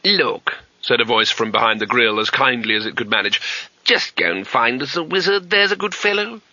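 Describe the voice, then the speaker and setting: A man voicing a pompous elderly male wizard master who speaks slowly and haughtily. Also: lowish voice, steady tone, pushed and bright, dry recording. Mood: condescending. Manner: haughty, slow, drawling. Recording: slightly dull, dry audiobook recording.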